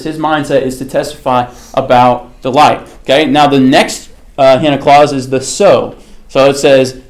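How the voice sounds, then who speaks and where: A man's voice: mid-range voice, a little mellow. Male Bible study teacher, casual and conversational, asks questions of the class, lots of filler words. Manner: frequent fillers like "okay" and "like".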